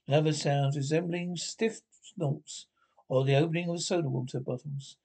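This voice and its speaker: A man reading a classic storybook aloud, unhurried, with frequent stumbles and restarts. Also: a little high, vocal fry, a little mellow, breathy edge. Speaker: audiobook reader.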